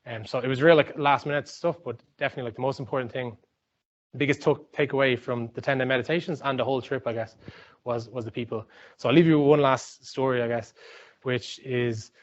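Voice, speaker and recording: Fast-talking Irish man, lo-fi. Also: medium pitch, fairly even intonation. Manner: rambling, chatty, many fillers and restarts. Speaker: speaker giving a talk. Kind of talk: informal talk with anecdotes. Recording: dull lo-fi sound.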